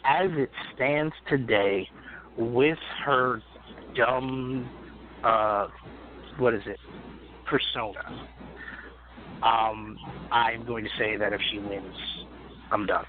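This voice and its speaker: A man speaking at a middle pitch, blunt and crude, ranting in short bursts full of fillers. The sound is narrow and phone-like, with a light hiss behind it. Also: steady tone, slow pace, pauses often. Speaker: co-host. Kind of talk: casual chat. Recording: tinny phone-like audio with faint hiss.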